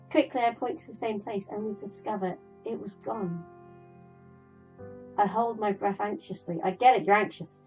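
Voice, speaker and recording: Young woman YouTuber reading a visual novel aloud, chatty and dramatic, mid-pitched voice, faint music underneath. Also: low-quality recording. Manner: chatty, dramatic, animated storyteller. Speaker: gaming YouTuber.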